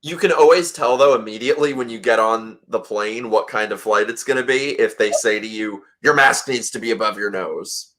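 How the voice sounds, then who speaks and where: A man hosting a casual livestream chat, telling a story in an animated way and swearing freely. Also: lowish voice, moderate pace, few pauses. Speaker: host.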